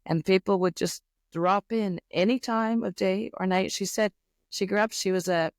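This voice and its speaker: A middle-aged Canadian woman with a Canadian accent, a podcast guest telling family stories in a thoughtful, unhurried way with many fillers. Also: mid-range voice, no echo, clean studio sound. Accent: Canadian English. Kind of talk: reflective interview storytelling.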